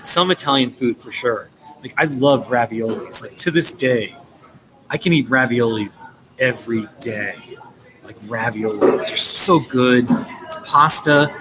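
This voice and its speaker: An American man chatting casually on a live stream from a busy coffee shop, rambling and chuckling between remarks. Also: medium pitch. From United States. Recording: noisy coffee shop background. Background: café chatter and noise.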